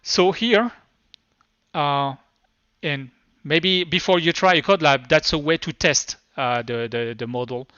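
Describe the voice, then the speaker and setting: A man with a French accent, a native French speaker, giving a live tech demo at a conference in a halting way with many restarts. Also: on the high side, sharp tone, clean tone, dry recording. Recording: dull lo-fi sound.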